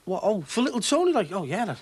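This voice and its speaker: An actor playing an eager, excitable local man who stammers in a soap opera. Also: high voice, fast talker, husky, full character voice.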